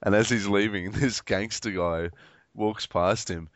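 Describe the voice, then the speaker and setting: A man's voice: on the low side, steady tone, measured pace, dry recording. A man in casual chat, blunt and swearing, laughing at his own stories. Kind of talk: casual chat about a video game. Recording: dull dry lo-fi recording.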